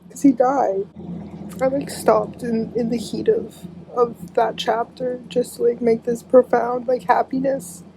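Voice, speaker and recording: A woman's voice: fairly high pitch, little pitch movement, a little slow, vocal fry, noisy background. A young woman book vlogger chatting casually and emotionally about a book she is reading, full of fillers. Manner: gushing and emotional, with frequent fillers.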